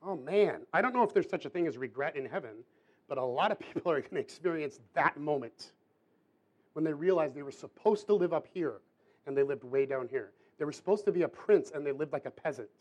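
A man preaching a sermon to a room, in a casual, chatty way with quick asides. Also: a little high, expressive, darkish tone, dull audio. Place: church hall with audience.

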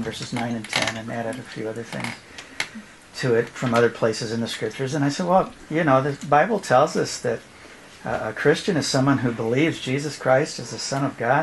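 A middle-aged man, once a youth pastor, shares a heartfelt family story with a church gathering. His voice sits at an ordinary pitch, and he often breaks into laughter as he imitates his young sons. The live recording has a clear layer of background noise. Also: rough recording. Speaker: former youth pastor speaking at a church event. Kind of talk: personal testimony storytelling.

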